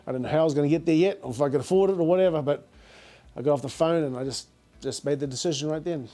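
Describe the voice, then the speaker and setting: A man's voice: fairly high pitch, brisk, warm tone, faint music behind. A middle-aged man with a New Zealand accent, a business founder telling stories in a casual, slangy interview, repeating words as he goes.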